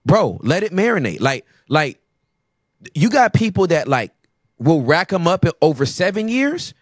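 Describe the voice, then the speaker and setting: A man speaks as a podcast guest, punching his points with emphatic energy. His fairly high voice rises and falls in lively swings. The sound is dry and close, with no room echo. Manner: animated storyteller, emphatic. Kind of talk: casual conversation.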